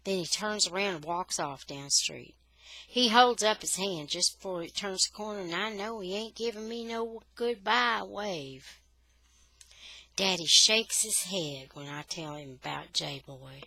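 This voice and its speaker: A woman reading a children's novel aloud for English learners, with steady, expressive storytelling. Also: medium pitch, unhurried, creaky, no room sound.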